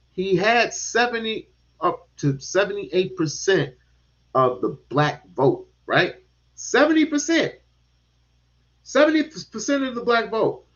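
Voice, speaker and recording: A man talking politics in a casual chat, animated and given to repeating words and casual swearing. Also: high voice. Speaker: podcast host. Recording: dull lo-fi sound.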